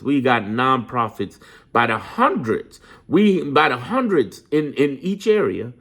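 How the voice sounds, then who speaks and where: Gravelly, emphatic man ranting about politics. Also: mid-range voice, a bit bright. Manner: emphatic and profane, repeats lines for emphasis; preachy, motivational. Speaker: political commentator. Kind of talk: impassioned political monologue.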